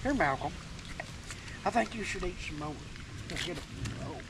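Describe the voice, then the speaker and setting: An excitable man with a high, lively voice that leaps around, chattering and coaxing outdoors. Loud rural noise surrounds him, with animals and engines in the background. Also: moderate pace. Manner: excitable, laughs a lot, coaxing. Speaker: vlogger feeding his pig. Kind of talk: casual outdoor vlog chatter.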